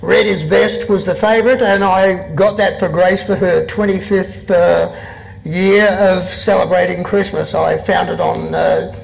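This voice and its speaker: An Australian man in his sixties with a strikingly gravelly, creaky voice pitched fairly high for a man. He reads poems and spins dry, wry anecdotes on stage before a live audience. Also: steady tone, measured pace, rough recording. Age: 60s. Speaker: poet and guest.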